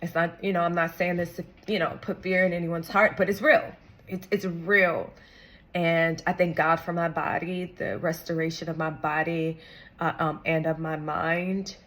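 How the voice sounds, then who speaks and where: A woman's voice: on the low side, level tone, normal speed, a bit bright. A young woman talking earnestly to camera, encouraging viewers with casual slang. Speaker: vlogger sharing a personal story. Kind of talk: heartfelt talk to camera.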